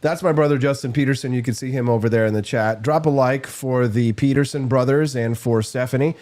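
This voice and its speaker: A man's voice: mid-range voice, fairly quick, darkish tone. A man hosting a live morning show, chatting casually and promoting the stream in an upbeat way. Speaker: host.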